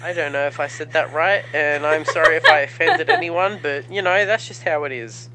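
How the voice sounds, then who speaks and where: A man's voice: on the high side, very animated, moderate pace, heavy background noise. A young Australian man co-hosting a podcast, talking crudely and rambling with self-mocking asides. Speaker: podcast co-host. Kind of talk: crude casual chat.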